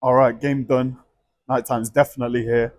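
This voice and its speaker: A young man in casual chat as a travel vlogger and illustrator, rambling and musing aloud in a low murmur at an outdoor café and in city streets. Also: little pitch movement, normal speed, slight background noise.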